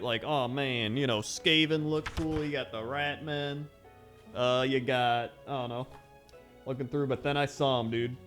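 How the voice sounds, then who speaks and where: A man's voice: medium pitch, fairly bright tone. A man in his thirties, hosting a hobby channel, telling a rambling personal story in casual chat with fillers and frequent laughs. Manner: rambling, chatty, laughs often, many fillers.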